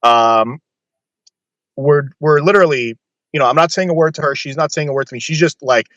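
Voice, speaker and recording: Bright-voiced man telling a story. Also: on the high side, brisk, no echo, highs cut off. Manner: blunt, swears freely, many restarts. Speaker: podcast guest telling a story. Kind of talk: casual storytelling.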